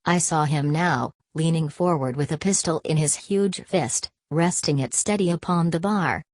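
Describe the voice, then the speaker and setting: A woman reading a novel aloud as an audiobook narrator, voicing every character in one steady voice. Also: low-pitched, normal speed, no room sound. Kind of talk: scripted narration.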